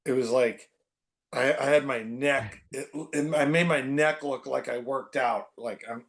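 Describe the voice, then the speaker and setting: A man in his forties, a podcast guest, telling stories in casual conversation, animated and full of fillers and restarts. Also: mid-range voice, a little slow. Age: 40s.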